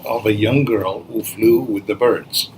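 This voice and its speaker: Slow, gentle male storyteller. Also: on the low side, low-quality recording. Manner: gentle, expressive, unhurried. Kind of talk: children's story narration.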